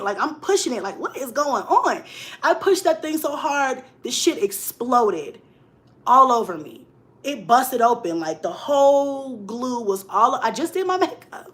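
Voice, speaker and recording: A young woman vlogger telling a story in casual chat, laughing often and swinging between loud bursts and hushed asides. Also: high-pitched, very animated, moderate pace.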